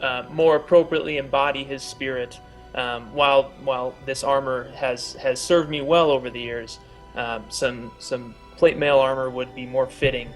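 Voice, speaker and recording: A man's voice: mid-range voice, fairly even intonation, normal speed, faint music behind, natural voice, poor audio. A man playing an earnest, pious young paladin in a tabletop game, making a formal request with many small hesitations.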